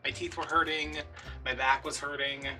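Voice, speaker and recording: A man casually telling a story while crafting at home, animated and chatty, acting out the other people in it. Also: on the high side, normal speed, recorded from a distance, soft background music. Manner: chatty, animated retelling with quoted dialogue. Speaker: vlogger.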